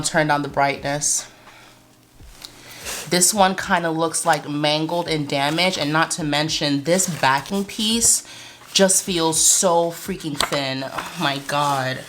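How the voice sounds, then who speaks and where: A woman's voice: on the low side, noisy background. A young woman vlogging about her small shop, chatty and anxious, with frequent exclamations. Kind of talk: casual vlog talk. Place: Brooklyn, New York.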